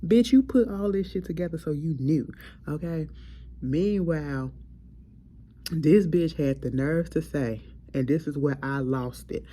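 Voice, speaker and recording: A woman hosting a casual, profane chat, recapping reality TV in a blunt, animated way. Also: low voice, unhurried. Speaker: host.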